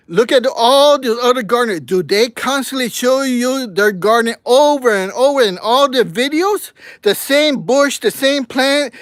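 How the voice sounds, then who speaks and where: A man's voice: extremely high pitch, no echo. A man in his sixties hosting a gardening livestream, sounding short of breath with words cut off, ranting bluntly and reading viewer comments aloud. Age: 60s. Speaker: gardening channel host.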